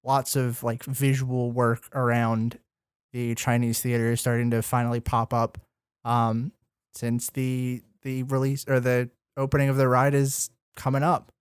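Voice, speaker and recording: Podcast guy reading out news bits, smooth clear voice, dry close sound, lots of ums. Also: medium pitch, monotone, unhurried, dry recording. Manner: easygoing, filler-heavy news rundown. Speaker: podcast co-host. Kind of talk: casual chat.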